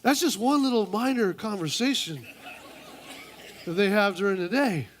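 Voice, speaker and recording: A man preaching a humorous sermon in church, playfully acting out conversations and mimicking women in a high voice. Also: animated, moderate pace, a little hiss or hum. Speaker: pastor.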